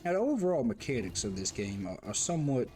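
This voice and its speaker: A man's voice: medium pitch, big pitch swings, fast. A man reviewing a game and talking casually while he plays, rambling, repeating himself and chatting to the characters on screen. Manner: rambling and self-interrupting, talks to the game. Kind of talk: casual commentary while playing.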